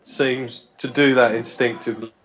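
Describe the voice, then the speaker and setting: A man's voice: medium pitch, fairly even intonation, normal speed, low-quality recording. A man on a podcast, telling a long story in a chatty way, often restarting words and acting out what people said. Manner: chatty, restarts words, acts out quoted dialogue. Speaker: guest on a church podcast. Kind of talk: anecdotal storytelling.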